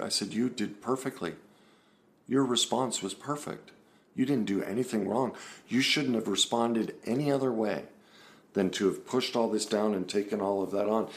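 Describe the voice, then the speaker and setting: Deep-voiced man, earnest therapist. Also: vocal fry. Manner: earnest, explaining. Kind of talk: casual talk to camera.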